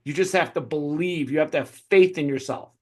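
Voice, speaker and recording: A fired-up man with a fairly high voice preaches faith and fearlessness in a casual interview. He swears freely and slips into acted voices to drive his points home. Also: fairly quick. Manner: animated, preachy motivational talk with swearing. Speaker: host.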